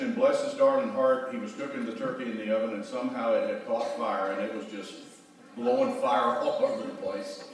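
A middle-aged male pastor giving a sermon, telling a folksy story and leading call-and-response prayer. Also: mid-range voice. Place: church sanctuary. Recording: echoey hall, voice from far off.

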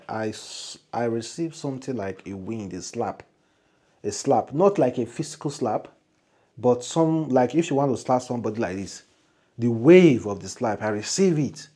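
A man's voice: mid-range voice, dark tone. A man with a Nigerian accent telling a satirical story on his vlog, dramatic and repetitive. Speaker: vlogger.

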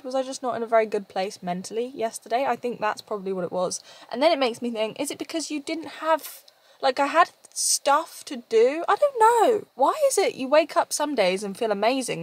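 Young woman, rambling vlog chat, slightly high voice, casual and self-correcting. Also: fairly bright tone. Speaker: vlogger.

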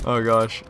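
A young man giving excitable gameplay commentary from home, yelping and switching into mock-formal sarcasm. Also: medium pitch, vocal fry, very noisy. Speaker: gaming YouTuber.

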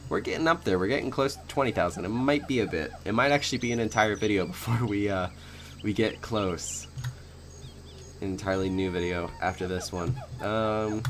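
A young man talking casually over his gameplay as a channel host, rambling with many fillers and little laughs, in a fairly monotone way. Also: on the low side, brisk, slight background noise. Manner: rambling, chatty, frequent fillers and small laughs; admits to a somewhat monotone delivery.

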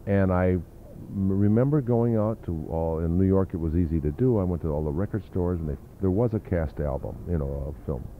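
A man's voice: sits low, a little fast, narrow, tinny audio, a little hiss or hum. An older man reminiscing in an interview, telling rambling anecdotes full of fillers and asides. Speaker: interview guest, drummer.

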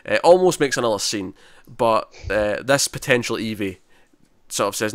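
A man's voice: on the low side, lively intonation, moderate pace, dry recording, clean studio sound. A man co-hosting a podcast, recapping a drama episode in a chatty, rambling way and acting out quotes. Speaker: podcast co-host. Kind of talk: casual TV review recap.

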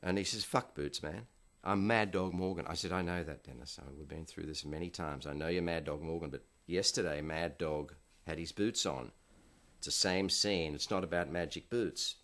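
A film director being interviewed tells set anecdotes in a dry manner, slipping into the voices of the people he quotes. He speaks at normal speed in a low-pitched, slightly bright voice.

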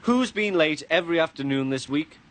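A man's voice: fairly high pitch, lively intonation, a little fast, fairly bright tone, pitched above the performer's own voice. A man with a British accent voicing a stern, punctual little male tank engine who scolds and teases, over background music. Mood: scolding. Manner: bossy, scolding, teasing.

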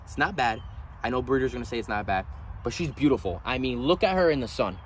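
A man hosting a casual vlog at his animal ranch, gushing with excitement and at times quietly sad. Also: medium pitch, quick pace, a little hiss or hum. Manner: gushing, excitable, swings from loud delight to quiet sadness. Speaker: reptile breeder and channel host. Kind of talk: casual vlog talk to camera.

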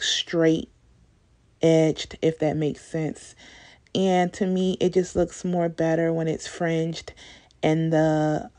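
A woman's voice: on the low side, mellow. A young woman recording a casual, chatty voice-over for a home DIY tutorial, talking informally with many fillers. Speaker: DIY video creator.

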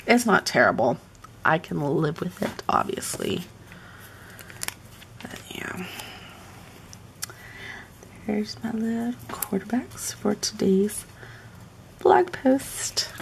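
A woman's voice: mid-range voice, expressive, slow, creaky, pauses often, noisy background. A woman chatting casually on a live stream while decorating a planner at home, muttering asides to herself as she works.

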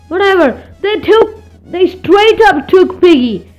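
A woman's voice: very high-pitched, big pitch swings, slow, a little mellow, soft background music, low-quality recording. A young woman with a put-on accent commenting on gameplay, stammering and exclaiming as she reacts. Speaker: gaming video host.

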